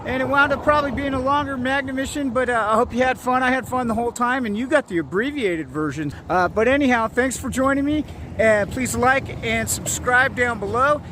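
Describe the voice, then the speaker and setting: A man casually narrating an outdoor vlog by a lake, upbeat and rambling, with plenty of fillers and excited exclamations. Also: extremely high pitch, fairly quick, a little hiss or hum. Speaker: vlogger.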